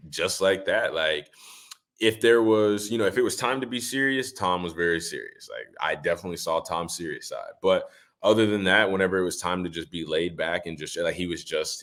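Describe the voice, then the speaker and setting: A young man with a very deep voice tells stories on a podcast, loose and rambling. He leans on fillers and acts out what others said. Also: a little fast. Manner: relaxed, rambling with many "like" fillers, acts out quotes. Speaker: guest, former running back. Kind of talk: casual podcast storytelling.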